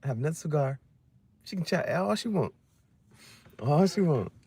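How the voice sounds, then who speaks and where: A man's voice: fairly high pitch, lively intonation, normal speed, gravelly, mellow, breathy edge. A man talking in a loose, rambling chat, laughing often and swearing freely in slangy banter. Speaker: livestream host.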